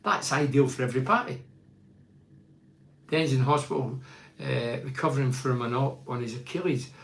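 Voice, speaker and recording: A middle-aged man hosting a football podcast, giving forceful opinions and reading out listener comments, repeating himself for emphasis. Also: mid-range voice, normal speed, vocal fry, roomy sound, slight background noise. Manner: emphatic and rhetorical, piles up repeated phrases.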